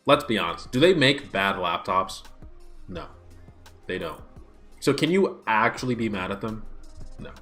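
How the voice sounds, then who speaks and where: A young man ranting in a casual livestream, exasperated and swinging his pitch widely, recorded on a smartphone. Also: lively intonation, measured pace, pauses often, fairly bright tone, soft background music. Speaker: YouTuber streaming a watch party.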